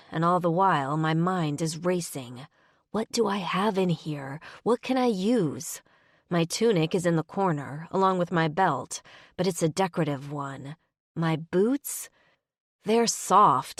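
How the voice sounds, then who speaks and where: A woman narrating a first-person audiobook with expressive, dramatic inner monologue, on a close studio mic. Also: on the low side, no room sound.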